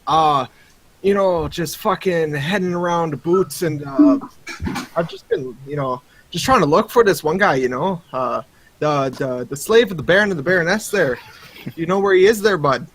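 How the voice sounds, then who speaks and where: A man's voice: a little high, lively intonation, moderate pace, noisy background, natural voice. A man hamming up a rambling Canadian adventurer. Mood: folksy. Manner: rambling, filler-heavy, swears casually. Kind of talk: tabletop role-play.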